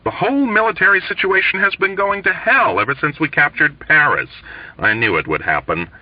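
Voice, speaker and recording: A man's voice: on the high side, lively intonation, a little fast, no room sound, pitched above the performer's own voice. A man voicing a whining, self-pitying male army doctor in a mournful, petulant tone. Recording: dull lo-fi dry recording.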